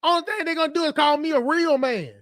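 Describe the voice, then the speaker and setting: Male livestream host, high-pitched, dry close sound, profane off-the-cuff rants. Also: fairly bright tone, dry recording. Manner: blunt, profane, fast-talking, jumps between subjects. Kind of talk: unscripted livestream rant.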